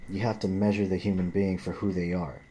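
A man's voice: deep voice, flat delivery, brisk, dark tone, a little hiss or hum. A man ranting in a profane, rambling monologue, often restarting and repeating himself.

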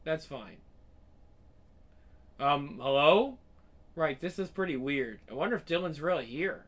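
A man reading game dialogue aloud in a wry, bemused, low-key way. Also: animated, a little slow. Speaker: game player.

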